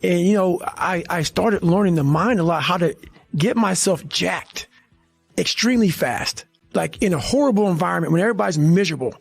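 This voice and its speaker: A middle-aged man with a fairly high, gravelly, husky voice tells a story in an interview. He talks with blunt, profane intensity and a lot of drive. The delivery is a casual podcast conversation, not a speech. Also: animated, fairly quick, faint music behind. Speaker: podcast guest telling a story.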